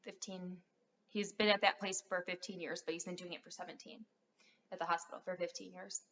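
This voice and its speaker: A woman's voice: fairly low pitch, little pitch movement, a little fast, a bit bright, a little hiss or hum. A young adult woman rambling through a casual vlog, full of fillers as she talks straight to her viewers. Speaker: vlogger. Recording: dull lo-fi sound.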